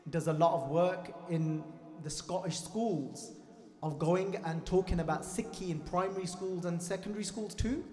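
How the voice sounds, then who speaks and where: A man's voice: a little high, a little mellow. Fervent man preaching in echoey hall. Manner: fervent, emphatic repetition, addresses crowd directly. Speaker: Sikh preacher. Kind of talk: impassioned sermon to congregation. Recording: echoey hall with faint music.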